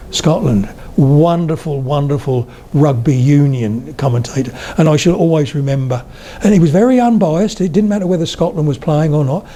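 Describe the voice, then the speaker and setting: A man's voice: a little high, mellow, a little hiss or hum. An older man giving a public lecture, telling humorous anecdotes as he goes. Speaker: speaker on the history of spoken English.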